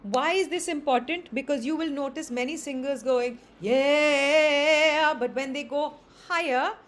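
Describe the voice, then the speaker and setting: A woman with a high, bright-sitting voice leads a group singing class over a video call. She talks students through technique and demonstrates each exercise by singing it herself, sprinkling her corrections with affectionate nicknames. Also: moderate pace. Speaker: voice teacher. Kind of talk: online group singing lesson.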